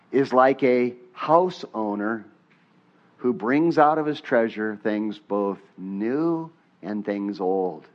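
A man preaching a sermon as pastor, talking with the congregation and having them say lines back to him, his voice rising on questions and dropping soft on prayers. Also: on the high side. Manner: conversational, asks the congregation to repeat lines. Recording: dull muffled sermon recording.

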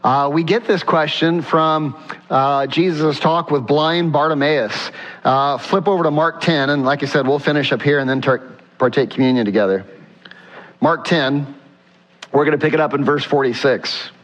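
A man preaches from the pulpit in an earnest voice, reading scripture aloud and pressing rhetorical questions on his listeners. His voice sits a little high for a man, and the sound is dull, carried on a long reverb through a church sanctuary. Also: normal speed, fairly bright tone. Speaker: pastor. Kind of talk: sermon.

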